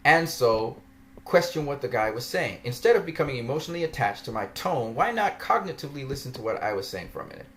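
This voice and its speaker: A man delivers a ranting vlog commentary straight to his viewers. He argues and mocks, laughing often, with a voice that swings widely in pitch. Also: very animated, fast talker, a bit bright, a little hiss or hum. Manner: argumentative, mocking, laughs often. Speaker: vlogger.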